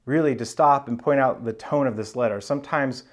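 A man's voice: mid-range voice, fairly quick. A man, a pastor, preaching a sermon in a casual, conversational Bible-teaching manner with slang.

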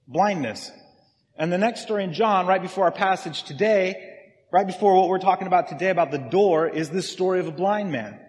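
A man's voice: high voice, brisk, darkish tone, big-room sound. A man preaching a sermon in a conversational way, often checking in with his listeners. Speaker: pastor.

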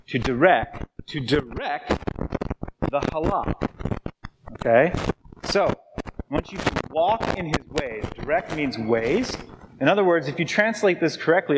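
A man's voice: on the high side, background noise. A man preaching a sermon to his congregation, with a conversational manner and constant check-ins like "okay?" and "right?". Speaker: pastor. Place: church sanctuary. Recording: live church hall with long reverb.

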